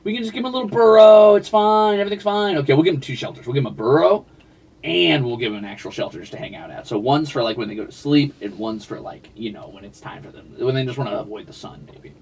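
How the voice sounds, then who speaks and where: Far from the mic, this man talks fast in a mid-range voice that's animated, with vocal fry and a breathy edge. He's streaming a game and rambling along in casual livestream chat, talking to his viewers and his cats.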